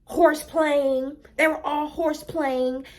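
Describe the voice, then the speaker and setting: A woman's voice: high voice, steady tone, slow pace. A woman voicing a defensive schoolteacher in a storytime retelling, hesitant and full of ums. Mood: insisting.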